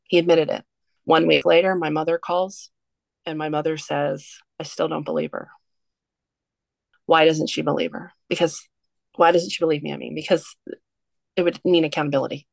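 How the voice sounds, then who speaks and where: A woman's voice: sits low, brisk, gravelly, dry recording. A woman guest on a podcast, telling a personal story in a candid, earnest way. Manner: candid, earnest, steady through a heavy story.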